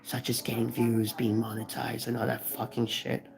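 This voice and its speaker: Grieving gravelly-voiced man in his thirties. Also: mid-range voice, monotone, normal speed, a crowd in the background, rough recording. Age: 30s. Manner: rambling, profane, repeats himself. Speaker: vlogger. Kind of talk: emotional live stream talk.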